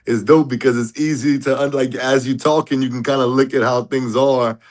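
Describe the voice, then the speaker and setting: A man's voice: mid-range voice, fairly even intonation, fairly quick. A man hosting a casual sports debate over an online call, teasing his co-hosts, laughing a lot and using slang. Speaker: show host.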